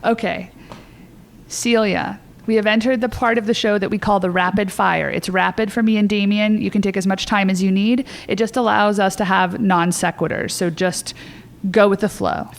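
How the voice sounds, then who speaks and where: A woman's voice: medium pitch, fairly even intonation, moderate pace, creaky. Upbeat woman podcast host asking questions. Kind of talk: interview questions.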